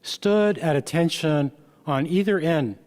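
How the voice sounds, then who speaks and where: A man, the author, reading aloud from his memoir in a slow, measured way with small stumbles. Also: a little high, darkish tone. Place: event hall. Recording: long reverb from a hall.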